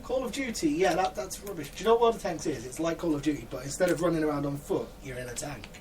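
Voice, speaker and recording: Co-host, male, dry teasing banter, slightly high voice, far from a noisy mic. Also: lively intonation, fast talker, a little mellow. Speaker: podcast co-host. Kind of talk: casual banter. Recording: distant mic with audible background noise.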